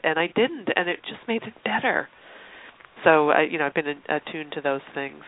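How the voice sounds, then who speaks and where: A woman's voice: low voice, animated, moderate pace. A woman guest telling personal stories in a candid, chatty way, acting out voices as she quotes people. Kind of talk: candid storytelling chat. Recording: dry tinny phone line.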